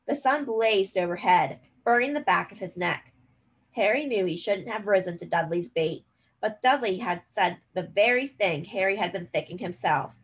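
A woman reading a novel aloud in a steady, expressive storytelling manner. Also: medium pitch, slightly rough, poor audio. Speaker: reader.

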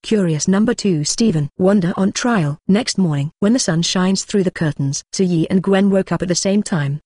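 A synthetic voice narrating an audiobook in a flat, even machine reading. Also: medium pitch, normal speed, no room sound, studio quality.

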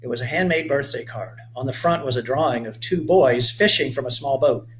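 A man reading his children's book aloud in a clear, measured storytelling manner. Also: medium pitch, a little hiss or hum, rough recording.

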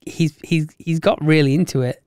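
Smooth-voiced man, chatty podcast co-host. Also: a little high, steady tone, normal speed, a little mellow, no room sound, clean studio sound. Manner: chatty, stumbling restarts, laughs often. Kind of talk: casual chat.

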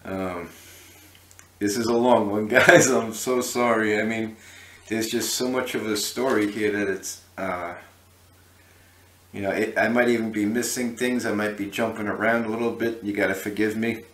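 A man's voice: on the low side, fairly even intonation, moderate pace, roomy sound. A man hosting a history channel, telling a story casually to the camera with many fillers and restarts.

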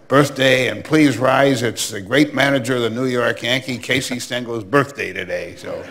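An older man from Milwaukee spins long anecdotes from his years in baseball. He talks in a relaxed, storytelling way, full of asides and quoted exchanges, with a voice of middling pitch. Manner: anecdotal, warm reminiscing with asides. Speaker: former baseball commissioner, guest. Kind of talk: storytelling interview.

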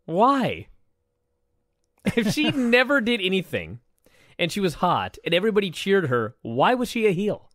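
A man with a high, lively voice, chatting casually on a podcast. He sounds exasperated and animated, laughing and cursing often. The sound is dry and close. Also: moderate pace, no room sound. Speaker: podcast co-host. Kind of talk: casual chat reviewing old wrestling.

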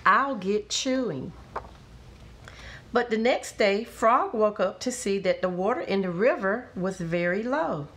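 A woman reading a children's storybook aloud with expressive, careful narration. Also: medium pitch. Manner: expressive and slow.

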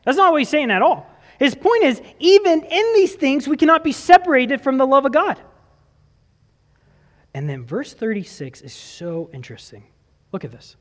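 A man's voice: very high-pitched, very animated, normal speed, in a large hall. A male pastor delivering a sermon in a church, asking his listeners questions and reading scripture aloud. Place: church sanctuary.

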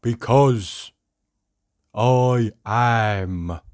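A storybook reader voicing Mr Miserable, a gloomy little man who talks in a slow, mopey, sniffly way. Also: mid-range voice, darkish tone, no room sound, studio quality. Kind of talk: storybook read-aloud.

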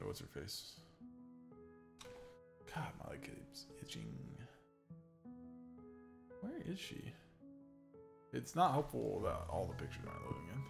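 A man's voice: on the low side, gravelly. A man with a Pacific Northwest American accent streaming a farming game, thinking aloud in casual commentary with dry self-mocking asides. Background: game music.

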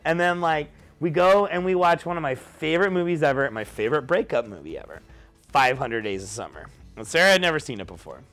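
A drunk young man telling a rambling story, jumping into loud high-pitched quotes. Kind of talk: tipsy rambling anecdote.

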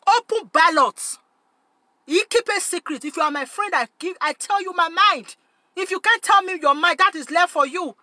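A woman's voice: extremely high pitch, normal speed, pushed and bright, dry recording. A woman hosting her channel, talking emphatically and switching between Pidgin English and Yoruba, repeating phrases for force. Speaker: channel host. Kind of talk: animated direct-to-camera rant.

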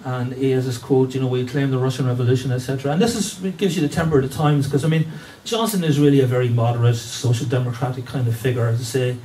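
A man's voice: medium pitch, fairly even intonation, fast talker, few pauses, warm tone. Hesitant man lecturing from afar. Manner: hesitant, many fillers and restarts. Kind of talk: academic history lecture. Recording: distant mic with faint room noise.

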